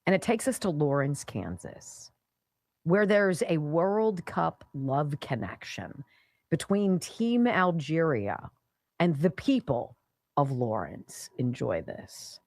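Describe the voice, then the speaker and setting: A middle-aged woman hosts talk radio and swings her voice high and low as she builds sarcastic commentary. She is close on a studio mic with a dry, deadened sound. She often slips into quick impressions. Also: sing-song, darkish tone, dry recording. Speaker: radio talk show host.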